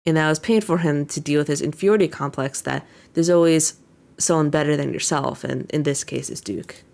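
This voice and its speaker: Low, gravelly-voiced young woman recapping. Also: brisk, darkish tone. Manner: recaps scenes by paraphrasing characters with many fillers. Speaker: VTuber reacting to an anime episode. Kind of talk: casual commentary.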